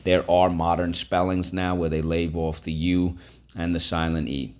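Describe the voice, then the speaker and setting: A man's voice: sits low, little pitch movement, normal speed, a little mellow. A man teaching a phonics lesson, breaking words into syllables and prompting listeners to repeat.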